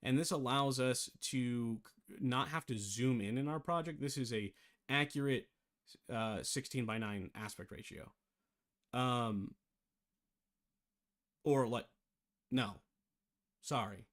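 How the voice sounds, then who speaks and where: Man, casual screen-share tutorial, thinks aloud, self-correcting, hiccups, middle pitch. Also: slow, pauses often, fairly bright tone. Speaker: game development tutor.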